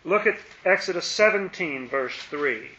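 Bright-voiced man leading a Bible study. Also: a little high, lively intonation, unhurried, a little hiss or hum. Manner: asks questions, dramatizes the verses with playful exasperation. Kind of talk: interactive scripture lesson. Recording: echoey room, slightly dull sound.

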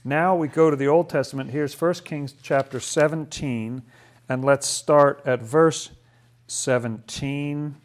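A man's voice: fairly high pitch, steady tone, takes it slowly. A man teaching a Bible study in a musing, thoughtful way. He often restarts his sentences and poses rhetorical questions to the group.

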